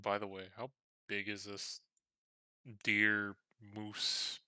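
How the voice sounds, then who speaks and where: Low smooth-voiced guy at a tabletop game, swears a lot, dry mic. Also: monotone, slow, bright, forceful tone, no room sound. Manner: casual, cussing. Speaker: player. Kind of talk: tabletop role-play chat.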